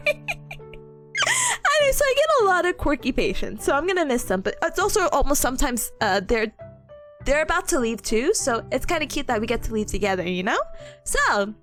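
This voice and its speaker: Bubbly, giggly young woman streamer. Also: very high-pitched. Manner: bubbly, giggly, storytelling with excited quoted voices. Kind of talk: casual chat with viewers.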